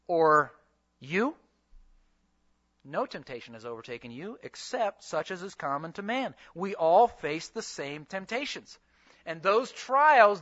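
A man delivers a sermon in a high, bright voice that swings widely in pitch. He teaches by asking his listeners questions. The recording sounds dull and lo-fi. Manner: animated preaching with rhetorical questions. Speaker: pastor and seminary teacher.

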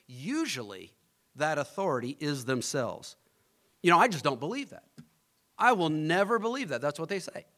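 Pastor, male, higher voice with a lively, swinging delivery; preaches and quizzes the congregation. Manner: animated preaching, rising to emphatic peaks, asks the congregation questions. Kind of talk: sermon.

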